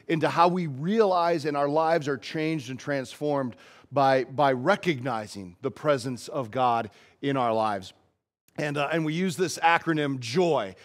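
A male pastor giving a casual, story-driven sermon in a church. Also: fairly high pitch.

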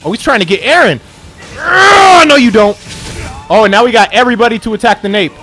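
A young man commentating his own gameplay, excitable and trash-talking, yelling at the game. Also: sits high, fast talker, faint music behind. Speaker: gameplay YouTuber. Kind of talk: let's play commentary.

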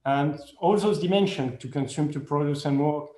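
A man giving a conference presentation in careful non-native English, hesitant and full of pauses and fillers, correcting himself as he goes. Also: a little high, warm tone. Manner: speaks English as a second language. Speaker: conference speaker. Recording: echoey room.

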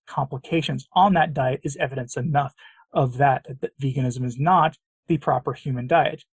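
A middle-aged American man hosts his own commentary channel, reading news quotes aloud and firing back with emphatic sarcasm and repeated phrases. His voice is husky, slightly high, and darkish, and it sounds close in a dry recording.

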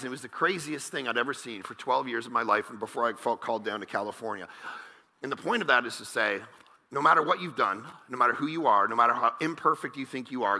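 A male pastor preaching a sermon, energetic and joking, now and then bursting into shouts. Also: medium pitch, vocal fry, slightly rough, long reverb tail. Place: large church auditorium.

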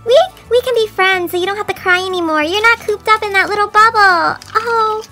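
A woman's voice: very high-pitched, fairly quick, sharp tone. A woman hosting a toy unboxing, gushing and gasping in a sing-song voice and cooing at the dolls. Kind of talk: excited toy unboxing chat. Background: background music.

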